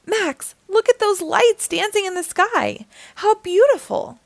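A woman's voice: very high-pitched, big pitch swings, unhurried, gravelly, dry recording, voice pushed up, heavily acted. A woman voicing a curious little girl who gushes with wonder. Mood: amazed. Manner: gushing, squealing with wonder.

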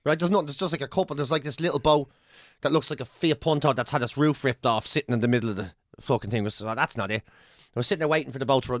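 An Irish man spinning a rowdy, swear-laden yarn in casual conversation. His voice sits high for a man and leaps all over the place as he builds up the story. It sounds close and dry, with no room around it. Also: no room sound. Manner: animated, profane, swaggering anecdote-telling. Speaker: podcast co-host telling a travel story.

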